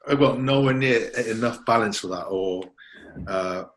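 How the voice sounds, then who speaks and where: A man from Wales chatting as a podcast guest, soft-spoken and laid-back, halting with lots of fillers. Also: on the low side, a little hiss or hum, low-quality recording. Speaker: guest, rugby player. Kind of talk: casual podcast chat.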